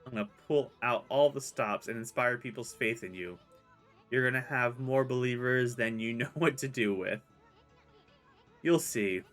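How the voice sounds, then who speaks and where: A man voicing a tiny, excitable male sprite companion in a squeaky, gleeful voice. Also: moderate pace, soft background music, lightly acted. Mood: cocky.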